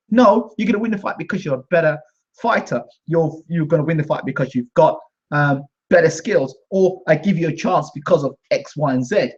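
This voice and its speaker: A man's voice: fairly high pitch, expressive, fairly quick, breathy edge. A British man hosting his own channel, delivering an indignant, combative rant to camera. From Britain. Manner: indignant and combative, repeats himself. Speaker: host. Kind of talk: ranting monologue to camera. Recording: dull lo-fi sound.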